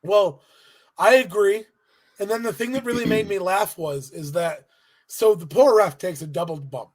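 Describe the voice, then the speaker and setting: Brief: male co-host with a high voice, animated and profane storyteller. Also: normal speed. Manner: animated storytelling, swears freely. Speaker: podcast co-host. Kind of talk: casual chat recapping a wrestling event.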